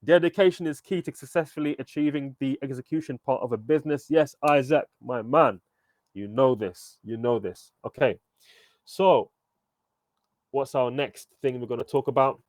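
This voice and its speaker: A man coaching an online entrepreneurship workshop, energetic and upbeat, asking viewers for thumbs up and comments. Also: medium pitch, normal speed, no room sound. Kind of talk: live online workshop teaching.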